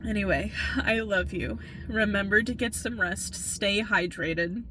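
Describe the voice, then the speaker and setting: Slow, earnest woman urging spiritual self-care. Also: medium pitch, sharp tone, a little hiss or hum. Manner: earnest, urging, repeats "okay?", swears for emphasis. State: tired from working all night. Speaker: spiritual reader. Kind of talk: impassioned spiritual pep talk.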